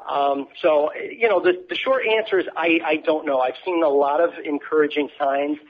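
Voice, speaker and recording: A man who produces events, answering interview questions in a hesitant, measured way with many fillers. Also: fairly high pitch, muffled recording. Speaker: event producer, podcast guest.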